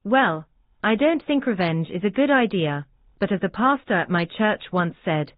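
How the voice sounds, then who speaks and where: A woman reading the lines of a young boy wizard in a plain, even way, on a dry, tinny recording. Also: mid-range voice, normal speed, dry recording, lightly acted. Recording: dry, tinny phone-like sound.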